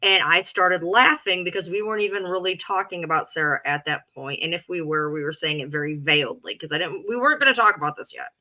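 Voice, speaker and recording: A woman's voice: fairly low pitch, fast, few pauses, pushed and bright, rough recording. A woman in casual chat, telling a story in an indignant, emphatic way and swearing often.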